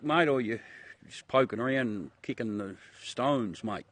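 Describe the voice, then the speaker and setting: A man's voice: mid-range voice, measured pace, a bit bright, no echo. Blunt Australian man chatting with viewers. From South Australia. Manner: blunt and profane, calls everyone mate. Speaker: livestream host. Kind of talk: casual chat with viewers.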